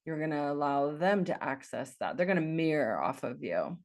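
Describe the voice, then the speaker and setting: A woman's voice: sits low, lively intonation, moderate pace. A woman life coach giving an earnest, encouraging talk, repeating phrases for emphasis.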